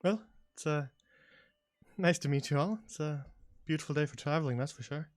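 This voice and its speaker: A man's voice: a little high, fairly quick, dry recording, clean studio sound, pitched above the performer's own voice, natural voice. A man voicing a friendly, apologetic elven man farmer with a folksy way of talking in a tabletop game. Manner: apologetic, folksy, saying "aye". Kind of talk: tabletop role-play character voice.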